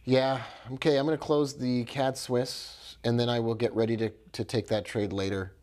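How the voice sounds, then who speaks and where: A man's voice: mid-range voice, level tone, moderate pace, darkish tone. A man giving live trading commentary, thinking aloud with upbeat exclamations and talking to viewers by name. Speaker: forex trader.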